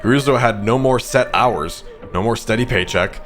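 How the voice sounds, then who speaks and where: A man's voice: mid-range voice, normal speed, fairly bright tone, faint music behind, natural voice. A man voicing a smug, scornful male sea creature, reading game dialogue aloud in a mocking, condescending way. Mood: storytelling.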